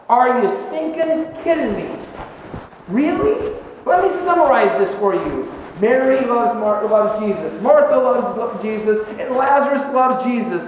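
A male pastor delivering a sermon, animated and sarcastic, swinging between loud bursts and quiet asides. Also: very high voice, unhurried, a little hiss or hum. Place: church sanctuary. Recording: echoey hall recording from far off, dull sound.

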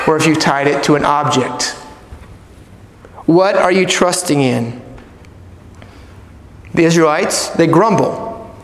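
A middle-aged male pastor preaching a sermon, swinging from loud emphatic points to low, soft prayer. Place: church hall. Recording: echoey church hall.

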